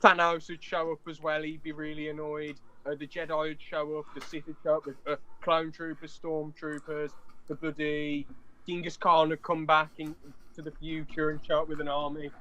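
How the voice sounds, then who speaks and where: A man's voice: fairly high pitch, monotone, normal speed, pushed and bright, muffled recording. Rambling, jokey British man. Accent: British English. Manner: jokey, rambling, apologetic asides. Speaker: podcast co-host. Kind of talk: casual chat.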